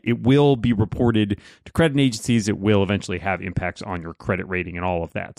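A man with a low voice talks through his points on a casual podcast panel, measured and explanatory. The recording is dry and close. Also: no room sound.

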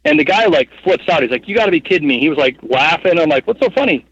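A man in his thirties telling a long story as a guest in an interview, rambling and animated, with lots of fillers. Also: a little high, fast talker, slightly rough, muffled recording. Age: 30s. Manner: rambling, animated, heavy with fillers like "like" and "you know what I mean". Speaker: guest, hunting guide and cameraman.

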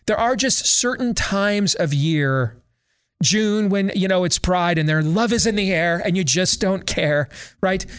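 A man's voice: sits high, a bit bright, clear, resonant tone. An American man hosting a talk show, delivering a sarcastic monologue full of rhetorical questions and leading questions to his co-hosts. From United States.

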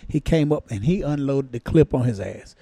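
Ex-cop co-host, mellow tone, profane storyteller, dry close mic. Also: male voice, mid-range voice, expressive, normal speed, creaky, no room sound. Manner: profane, storytelling, acts out quoted lines. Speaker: podcast co-host, former cop. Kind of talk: casual comedic chat.

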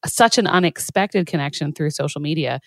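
A woman's voice: deep voice, brisk, no room sound. Woman co-host chatting, thoughtful, dry close sound. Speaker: podcast co-host. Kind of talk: casual chat.

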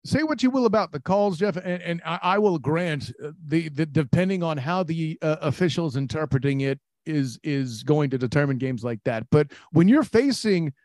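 A man's voice: fairly high pitch, animated, normal speed, few pauses, a little mellow, dry recording, clean studio sound. A man hosting a casual sports podcast, rambling with repeated words and easy laughs.

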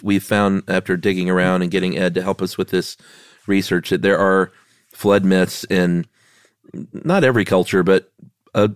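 A man's voice: low voice, no echo, clean studio sound. Stuffy-nosed laid-back male co-host. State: stuffy from a head cold. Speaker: podcast co-host. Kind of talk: casual chat.

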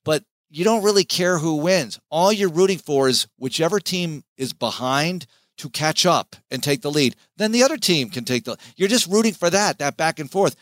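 A man, a sports play-by-play announcer, giving an animated, emphatic interview as a podcast guest. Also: on the high side, normal speed, hardly any pauses, no echo.

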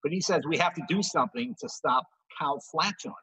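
A man's voice: on the high side, sharp tone, husky, poor audio. A man in his seventies, a comedian guest on a remote call, firing off jokes in playful banter. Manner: rapid one-liner delivery, playful. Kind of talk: joke-telling banter.

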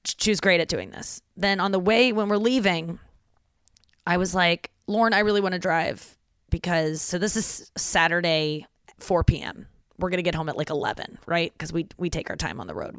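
A young adult host telling a story in casual chat, animated and full of "like" and swearing. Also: mid-range voice, normal speed, clean tone, dry recording, studio quality. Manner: animated, chatty, lots of "like" and swearing.

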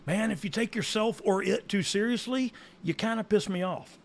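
A man with a drawl talks in loose, rambling podcast chat, often restarting his sentences and running himself down. His voice sits fairly high and has a gravelly, fried edge. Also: normal speed. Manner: rambling, self-deprecating, drawling, frequent restarts. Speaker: podcast co-host, former wrestling insider. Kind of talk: casual chat.

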